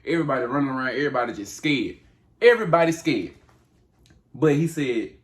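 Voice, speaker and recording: A man's voice: medium pitch, lively intonation, a little fast. A man retelling a Bible story in casual, slangy speech, talking straight to his audience. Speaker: channel host retelling Bible stories.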